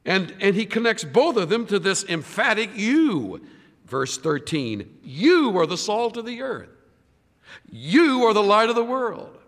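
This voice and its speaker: Male pastor, dramatic dynamics, slightly high voice, reverberant hall sound. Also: very animated, a little slow. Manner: dramatic swings from loud to hushed. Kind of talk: sermon.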